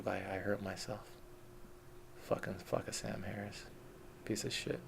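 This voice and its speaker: A man's voice: on the low side, completely flat delivery, moderate pace, pauses often, slight background noise. A middle-aged man ranting in an unscripted vlog, profane, combative and mocking. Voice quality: gravelly. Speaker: vlogger. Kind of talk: unscripted rant.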